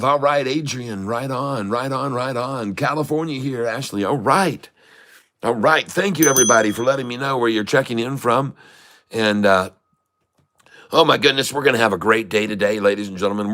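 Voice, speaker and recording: A middle-aged man with a mid-range, somewhat bright voice hosts a day-trading livestream. Upbeat throughout, he greets viewers, reads their chat messages, and hypes the crowd.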